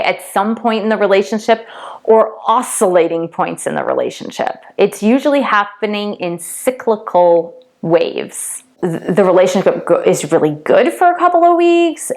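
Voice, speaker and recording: A woman coach giving a casual teaching talk, emphatic, repeating key words and checking in with "okay?" and "right?". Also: mid-range voice. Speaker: twin flame coach and tarot reader.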